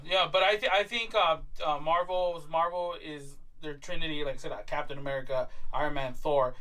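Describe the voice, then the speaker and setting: A man co-hosting a casual opinion chat, talking in an animated, joking way with many restarts. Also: on the high side, a little fast, distant mic. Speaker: podcast co-host.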